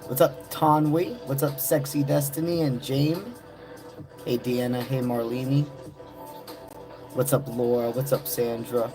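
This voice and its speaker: A man's voice: mid-range voice, steady tone, measured pace. A man hosting a live-stream tarot session, greeting chat viewers by name in loose, friendly slang. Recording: music playing in the background. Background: music.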